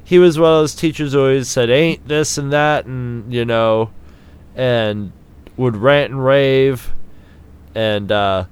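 A man's voice: medium pitch, slow pace, clear, resonant tone. A middle-aged man trading school stories as a podcast co-host, laughing often and mimicking a ranting teacher. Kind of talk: casual storytelling chat.

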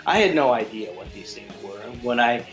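A man co-hosting a podcast, telling a crude story in a rambling, animated way with lots of restarts. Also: mid-range voice, normal speed, soft background music. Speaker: podcast co-host. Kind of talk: casual chat, storytelling.

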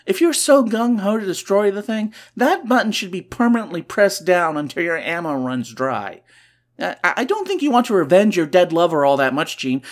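A man hosting a podcast, recapping a comic book with sarcastic, joking asides and sudden bursts of excitement. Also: fairly high pitch. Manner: excitable, swings between loud and quiet. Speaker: podcast host.

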